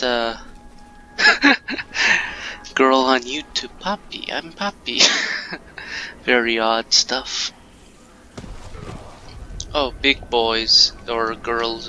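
A man's voice: medium pitch, noisy background. A man giving casual let's-play commentary, joking around and taunting the enemies on screen. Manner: playful, jokey, taunts game enemies. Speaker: gameplay commentator. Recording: game music under voice. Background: game music.

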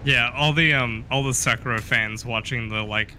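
A man chatting casually as a co-host on a game stream, halting and repeating words as he thinks aloud. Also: medium pitch, steady tone, pushed and bright, a little hiss or hum. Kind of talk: casual chat.

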